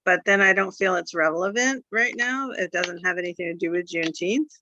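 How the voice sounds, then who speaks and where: A sleepy woman poet reading haiku at an online open mic, talking slowly and tiredly with soft laughs. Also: on the low side, lo-fi sound, slight background noise.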